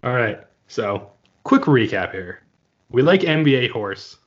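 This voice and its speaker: A man's voice: mid-range voice, big pitch swings, unhurried, dull audio. A man co-hosting a casual podcast chat, playfully spinning wild hypotheticals. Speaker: podcast co-host.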